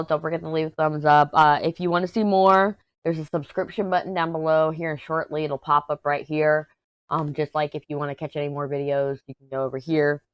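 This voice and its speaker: Low-voiced, hoarse woman. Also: no echo. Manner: rambling, self-deprecating, low-energy. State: hoarse, worn out. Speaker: crafting YouTuber. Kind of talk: casual chat while diamond painting.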